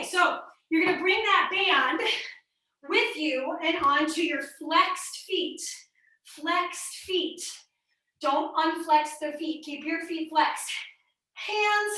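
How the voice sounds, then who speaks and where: Bright, high-pitched woman coaching a workout. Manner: upbeat, counts reps aloud and coaches form. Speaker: fitness instructor. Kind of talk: live online workout class cueing. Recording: echoey room, mic at a distance.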